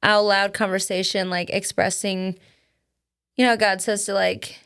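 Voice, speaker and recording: A woman's voice: medium pitch, flat delivery, a little slow, a bit bright, clear, resonant tone. A woman co-hosting a casual chat, telling an emotional story with many "like"s and restarts. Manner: emotional, filler-heavy with many "like"s. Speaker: podcast co-host.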